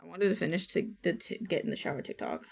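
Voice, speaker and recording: A woman streams a casual co-working chat, talking as she works, muttering to herself and occasionally swearing. Her voice is lowish and gravelly, very animated, and she speaks quickly.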